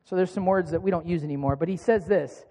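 Thirtysomething pastor guy preaching casual and animated, lots of rhetorical questions, long reverb like a big church. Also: sits high, fast talker. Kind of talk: sermon.

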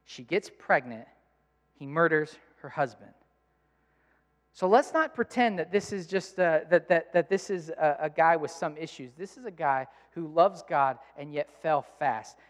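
Man preaching, fairly high voice, emphatic and intense, long hall reverb. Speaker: pastor. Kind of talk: sermon.

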